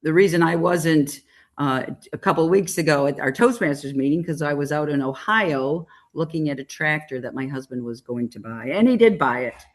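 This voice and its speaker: A woman's voice: low-pitched, moderate pace. A woman running a club meeting, introducing each person in turn. She talks in a chatty way, with a few small hesitations. Her delivery is informal and conversational. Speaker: meeting chair.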